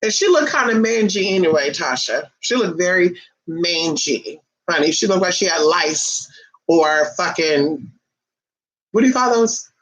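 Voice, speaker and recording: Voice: mid-range voice, lively intonation, a little slow, a bit bright. A vlogger ranting to camera in a sassy, profane, emphatic way, calling listeners honey and baby. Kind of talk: casual ranting monologue to camera. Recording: dull lo-fi recording.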